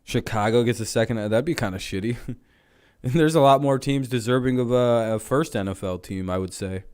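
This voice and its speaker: On his livestream, this man talks football in a loose, jokey, rambling way, full of swearing. His medium-pitched voice is fairly quick, a little mellow, and smooth.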